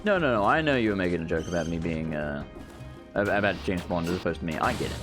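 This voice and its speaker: A man's voice: low-pitched, animated, fast talker, over music. A man giving rambling, swear-filled commentary while playing a video game. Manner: chatty, rambling, swears freely. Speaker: gaming channel host. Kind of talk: casual let's play commentary.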